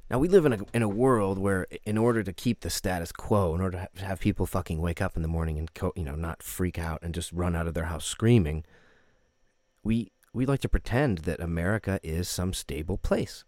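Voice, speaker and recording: A man's voice: deep voice, a little fast, darkish tone, no echo, studio quality. A man hosting a podcast, talking in a casual, profane and emphatic way. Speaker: podcast host. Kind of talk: casual commentary.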